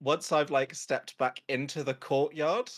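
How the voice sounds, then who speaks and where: A man's voice: a little high, steady tone, a little slow, no room sound, studio quality. A man playing in a tabletop game, hesitant and searching for words. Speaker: player. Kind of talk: casual tabletop game chat.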